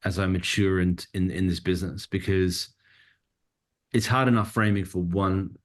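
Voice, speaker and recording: A man's voice: sits low, fairly even intonation, moderate pace. A man being interviewed as a guest, speaking conversationally and thinking aloud, with frequent restarts and fillers. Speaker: cinematographer guest.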